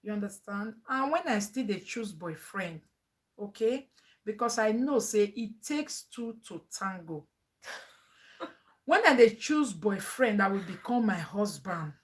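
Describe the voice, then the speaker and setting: A woman's voice: mid-range voice, expressive, a little slow. A woman with a Nigerian accent, a mother chatting animatedly in a family vlog, laughing often and mixing English with pidgin.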